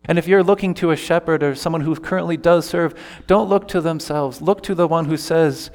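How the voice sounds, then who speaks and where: A man's voice: a little high, moderate pace, few pauses, a little mellow, long reverb tail. A man preaching an earnest sermon as pastor, voicing scripture quotes with feeling. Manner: earnest preaching, quoting scripture in character voices.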